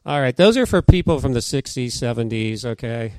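A man's voice: mid-range voice, big pitch swings, moderate pace, darkish tone, clear, resonant tone, no echo. A middle-aged man giving a conversational sermon, reading scripture aloud and joking with the congregation. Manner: chatty, jokes with the congregation, reads scripture aloud. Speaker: pastor.

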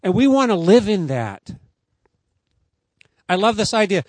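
A man's voice: high-pitched, big pitch swings, measured pace, pauses often, darkish tone, no echo. A man preaching a sermon outdoors, earnest and emphatic as he tells a story to his listeners. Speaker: pastor.

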